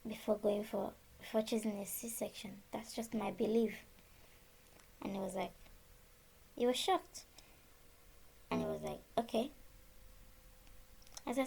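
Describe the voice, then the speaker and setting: A woman in her thirties from Nigeria recounts a personal story in a casual, chatty way. Her voice sits a bit high and has a gravelly texture. She moves her pitch around a lot while she quotes the people she spoke with. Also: normal speed, pauses often. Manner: animated, reenacts conversations with quoted dialogue. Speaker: storyteller sharing her birth experience.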